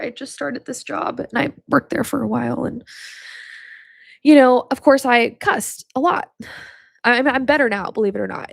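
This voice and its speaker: Podcast host: a woman with a somewhat high, gravelly voice, frank and heartfelt, recorded dry and close. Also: normal speed, no room sound. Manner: candid, swears freely, speaks with emotion; talks straight to the listener, calls them honey. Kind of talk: casual faith teaching.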